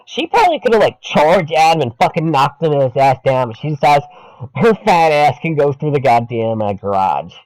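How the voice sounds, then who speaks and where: A man co-hosting a podcast in a loose, profane chat about a movie. His voice sits a little high and swings widely in pitch. The sound is dry and close, with no room around it. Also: sing-song, normal speed, no echo, rough recording. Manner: loose and profane, quoting lines in mock voices. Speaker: podcast co-host. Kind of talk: casual movie review chat.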